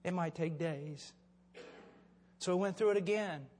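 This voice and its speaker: An older male preacher gives a fervent, impassioned sermon in storytelling style, unhurried and a little mellow. His voice is high for a man and rings through a large church hall with long, lingering reverb, over slight background noise.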